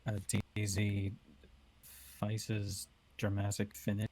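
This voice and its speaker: Slow, low-voiced young man. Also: completely flat delivery, a little mellow. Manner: halting, unhurried, with trailing fillers. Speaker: aspiring voice actor. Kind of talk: casual podcast chat.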